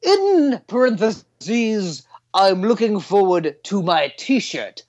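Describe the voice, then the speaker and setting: A man reading a listener review aloud in a put-on English accent, slow and theatrical. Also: sits high, sing-song, darkish tone, dry recording, dull audio, full character voice.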